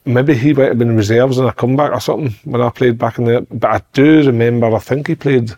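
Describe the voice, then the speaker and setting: A man's voice: mid-range voice, steady tone, fast talker, darkish tone, highs cut off. Scottish man in his forties, rambling. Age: 40s. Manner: rambling, recalls names. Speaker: guest, former footballer. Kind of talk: casual chat.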